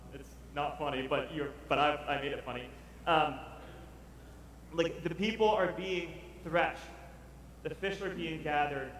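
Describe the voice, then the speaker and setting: A man preaching a lively sermon to a congregation, acting out the voices of Bible figures as he goes. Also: high-pitched. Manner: animated, acts out Bible figures. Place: large church hall. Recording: echoey hall recorded from far off.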